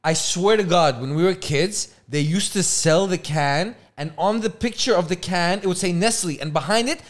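A young man co-hosting a podcast in casual chat, telling stories with lots of swearing and loud, high outbursts. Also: normal speed, few pauses. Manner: animated storytelling, swears freely, jumps into loud high outbursts. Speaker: podcast co-host.

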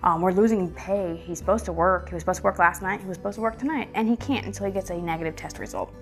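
A woman in her thirties telling a story to her viewers in a chatty, animated way, full of fillers and swearing. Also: mid-range voice, quick pace, soft background music. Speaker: vlogger. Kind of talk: casual storytelling to camera.

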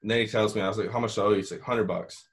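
A man's voice: lowish voice, steady tone, rapid-fire. A young man telling a long story in casual chat, rambling with lots of "like" and "you know" and the odd swear word.

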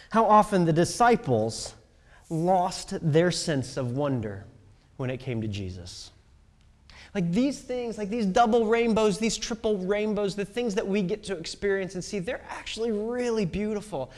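Young male pastor, high, easygoing storyteller, reverberant hall. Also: big pitch swings, measured pace, darkish tone. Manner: casual, storytelling, with many fillers. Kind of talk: sermon.

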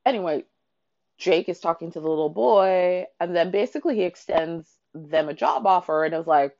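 A woman with a low voice chats about a novel she just read, excitable and quick to swear, with fillers at every turn. The sound is dry and a little dull, as if from a modest home mic. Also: creaky, no echo. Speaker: book reviewer. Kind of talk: casual spoiler-filled book chat.

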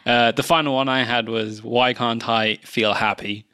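A man's voice: mid-range voice, steady tone, moderate pace, sharp tone, clean tone. A young man co-hosting a podcast in casual chat, easygoing, full of fillers and dry jokes. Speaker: podcast co-host.

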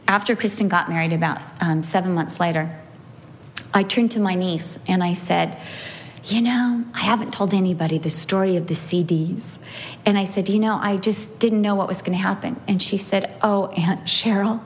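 A woman's voice: mid-range voice, a little hiss or hum. A woman in her fifties teaching a church group, telling personal stories with feeling and acting out the voices of the people she quotes. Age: 50s. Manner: emotional storytelling with animated quoted voices. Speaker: Bible teacher. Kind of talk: women's Bible teaching talk.

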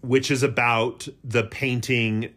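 A man's voice: medium pitch, level tone, takes it slowly, a bit bright. A middle-aged man co-hosting a podcast, telling a rambling, self-mocking story in casual chat. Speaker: podcast co-host.

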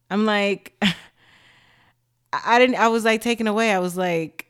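A young woman with a low, deep-set voice hosts a casual podcast. She rambles candidly, leaning on filler words, and sounds high. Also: a little slow, vocal fry. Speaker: podcast host. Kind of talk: casual chat.

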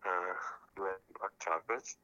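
A man's voice: deep voice, fairly quick, bright, forceful tone, no echo, lo-fi sound. A man calling in by phone, telling a profane, laughing story in casual chat. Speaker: caller. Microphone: phone call.

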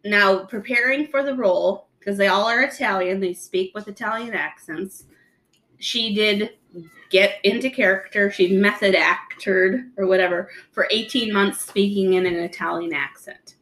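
A woman co-hosting a podcast chats casually at an ordinary pitch. Her voice is bright and forward. She laughs often and explains things at length. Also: normal speed, low-quality recording. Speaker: podcast co-host. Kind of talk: casual chat.

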